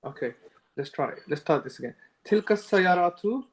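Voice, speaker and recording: Male student, high voice, slow and hesitant reading. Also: expressive, breathy edge. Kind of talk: reading aloud in class.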